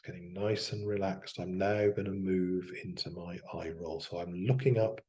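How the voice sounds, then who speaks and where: A man demonstrating self-hypnosis aloud as a coach, talking himself through slow, soft affirmations. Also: deep voice.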